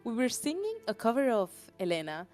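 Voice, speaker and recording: A woman's voice: a little high, big pitch swings, a little fast, a little mellow, soft background music. A woman doing a comedic reading on a stream, breaking off for wry, exasperated asides. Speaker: stream co-reader.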